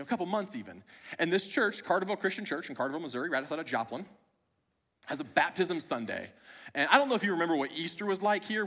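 Bright-voiced man preaching in a reverberant hall. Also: on the high side. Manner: conversational, self-deprecating humor. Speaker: pastor. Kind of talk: sermon with personal story. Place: church auditorium.

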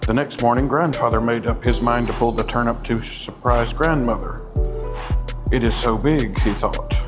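A man reads a children's tale in a hushed, whispered role-play manner. His voice sits in a middle register, and clear music plays under him the whole time. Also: medium pitch, moderate pace, poor audio. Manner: soft storybook reading with silly refrains. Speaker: storyteller. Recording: music playing behind.

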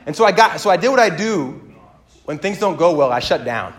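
A man in his thirties delivers a sermon with a slightly raised pitch. He tells personal stories and acts out the dialogue, and his voice jumps sharply in pitch and loudness as he does. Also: big pitch swings, a little fast. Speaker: pastor.

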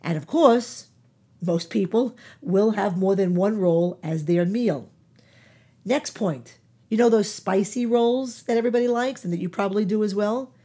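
A woman's voice: mid-range voice, unhurried, warm tone, husky. A woman giving informal nutrition advice, emphatic, repeating key words and using many fillers. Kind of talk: informal health talk.

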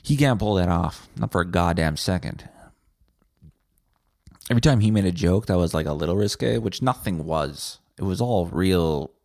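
A man's voice: deep voice, animated, normal speed, a little mellow, no echo, clean studio sound. A man hosting a solo podcast, ranting bluntly and sarcastically with plenty of swearing. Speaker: podcast host.

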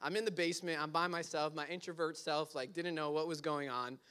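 A man's voice: a little high, fairly even intonation, fairly quick, fairly bright tone, clear, resonant tone. A young man animatedly telling a personal story, with frequent fillers and bursts of laughter.

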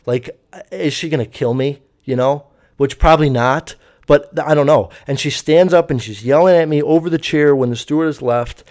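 A man's voice: on the high side, brisk, a little mellow. A young man telling a story in a casual, rambling way, swearing often and using many fillers. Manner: rambling, profane, full of fillers.

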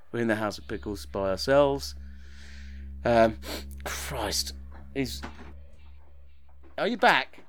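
A young man co-hosting a comedy podcast, chatting in an animated, playful, mock-pompous way. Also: medium pitch, slow pace, pauses often, slight background noise. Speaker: podcast co-host. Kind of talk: casual comedy chat.

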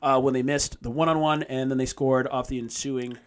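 A man co-hosting a podcast, reading a listener question aloud in a steady, plain way with small stumbles. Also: medium pitch, a little fast.

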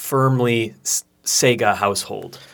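A man's voice: fairly low pitch, measured pace, vocal fry, fairly bright tone. A man with a Minnesotan accent, a guest on a podcast, talking easygoing and wry with lots of fillers. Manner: easygoing, dry humor, many fillers. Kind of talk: casual chat.

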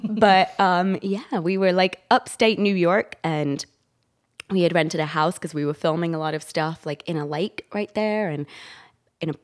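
A woman's voice: lowish voice, measured pace. A woman, an actor and director, chatting as a podcast guest in a rambling, laugh-prone way. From England. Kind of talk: casual interview chat.

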